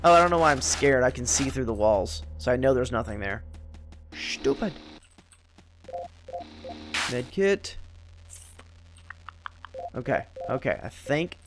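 A man's voice: mid-range voice, lively intonation, normal speed, pauses often, a bit bright, soft background music. Swearing, yelping man playing a game. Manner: swears and yelps in frustration. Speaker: gameplay commentator. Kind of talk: let's play commentary.

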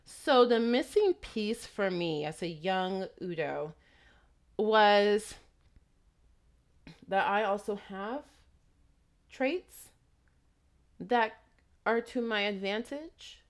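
Speaking in an expressive mid-range voice, drawing out words and pausing often, a woman vlogs casually and reflectively. She's an immigrant raised in Texas with a faint foreign accent, and she wanders through asides and questions as she talks.

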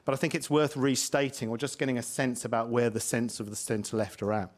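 A man's voice: medium pitch, little pitch movement, fairly quick. A man from England, a politics lecturer, giving a hesitant, self-deprecating talk on a panel, full of ums and uhs. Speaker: author and lecturer. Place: public debate hall.

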